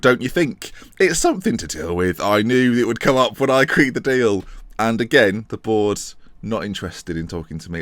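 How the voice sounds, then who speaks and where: A young man talks through his game session in a loose, playful way, poking fun at himself as he goes. His voice leaps up and down with lively energy. The sound is dry and close, with no room around it. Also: medium pitch, dry recording. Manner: chatty, self-mocking, playful commentary. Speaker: gaming channel host. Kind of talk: casual game commentary.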